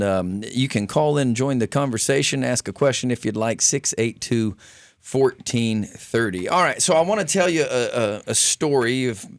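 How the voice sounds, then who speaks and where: A man's voice: medium pitch, no room sound. A man, the senior preacher hosting a radio talk show, folksy and stumbling over repeated words, in a studio. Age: older than his co-hosts.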